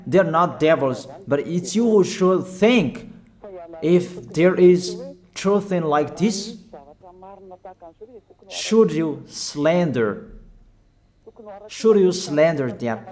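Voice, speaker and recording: A man preaching a sermon in halting, non-fluent English, urging his listeners with short, repeated calls. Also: fairly high pitch, darkish tone. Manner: emphatic, repetitive exhortation in non-fluent English.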